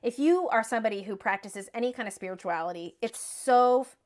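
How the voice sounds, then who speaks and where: A woman in her thirties, a guest on a podcast, talking in an animated, casual way, often laughing and swearing casually. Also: a little high, brisk.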